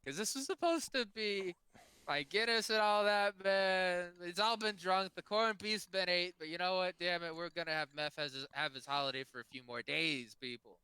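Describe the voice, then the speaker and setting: A man guesting on a podcast in casual chat, eagerly chiming in with quick agreement. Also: high-pitched, bright, forceful tone, clear, resonant tone, dry recording.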